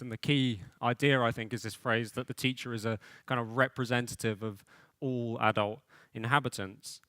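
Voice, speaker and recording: Man, keynote lecture, mid-pitched voice, thoughtful and hedging, dry close sound. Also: a bit bright, clear, resonant tone, no echo. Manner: thoughtful, hedging with frequent fillers. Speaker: keynote speaker. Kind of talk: conference lecture.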